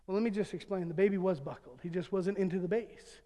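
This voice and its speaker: A man preaching in a church, his fairly high voice carrying a long hall reverb. He tells funny stories in an animated way, acting out the quotes and laughing along as he goes. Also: fast. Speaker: pastor. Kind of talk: humorous sermon storytelling. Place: church sanctuary.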